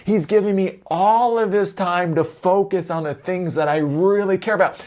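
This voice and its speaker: A man's voice: high-pitched, moderate pace, a little mellow, voice pushed up, close to an everyday voice. A man voicing a naive, cheerful male employee who sounds self-satisfied. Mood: oblivious cheer.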